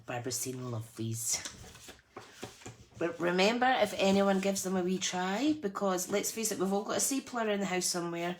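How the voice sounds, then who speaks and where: A woman's voice: medium pitch, animated, moderate pace, a little hiss or hum. A woman hosting a live crafting tutorial, chatty and self-deprecating, laughing often as she works. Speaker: craft channel host.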